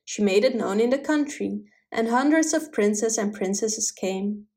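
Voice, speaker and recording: A woman reading a fairy tale aloud with clear, steady storybook narration. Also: mid-range voice, unhurried.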